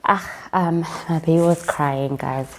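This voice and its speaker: South African woman telling a slow, chatty story. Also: low voice. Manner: chatty, animated retelling with quoted dialogue; addresses viewers as guys. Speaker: vlogger. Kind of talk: casual storytime chat.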